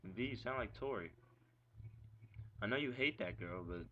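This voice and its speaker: A young man rants into his camera about a breakup, agitated and profane, circling back with "like" and pointed questions. His voice is bright and forward, captured as dull, lo-fi webcam audio with a faint hiss underneath. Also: lowish voice, animated, normal speed. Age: young adult. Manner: agitated, profane ranting with frequent "like". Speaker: vlogger venting about an ex. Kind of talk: ranting vlog monologue.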